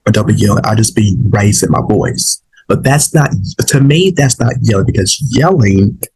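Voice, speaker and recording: A man's voice: lowish voice, lively intonation, moderate pace, a little mellow, slightly rough, rough recording. A man, a little sick and saving his voice, talking casually to his viewers in a rambling way, with many fillers and restarts. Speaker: vlog host. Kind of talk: casual opinion talk to viewers.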